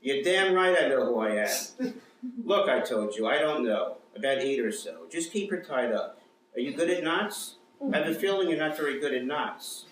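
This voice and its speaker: A man's voice: mid-range voice, lively intonation, normal speed, a bit bright, far from the mic, slight background noise, natural voice. Man doing a blunt, ominous dentist. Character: brusque erratic middle-aged male dentist. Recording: echoey room, mic from afar.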